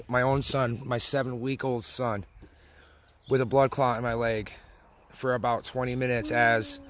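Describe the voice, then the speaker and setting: A man's voice: mid-range voice, fairly bright tone, a little hiss or hum. Plainspoken father telling a hard story. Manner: emotional, tearful at times, blunt and plainspoken. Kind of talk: personal testimony.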